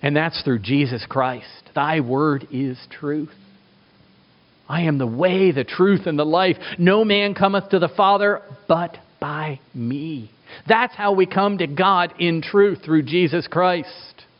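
A middle-aged man preaching a sermon as a pastor, emphatic, asking rhetorical questions and swinging his pitch for effect. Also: slow. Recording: dull lo-fi recording.

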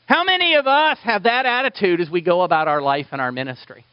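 A male pastor preaching a sermon in an animated way, acting out the voices of the people he quotes. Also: sits high, fast talker, clean tone, dry recording, dull audio.

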